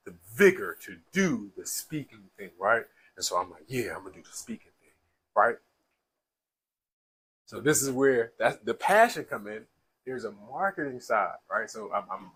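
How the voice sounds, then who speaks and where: A man tells a raw personal story in loose, slangy talk, often restarting his sentences. His voice is husky and tearful, with a bright edge to it. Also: medium pitch, rough recording. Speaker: speaker sharing his life story.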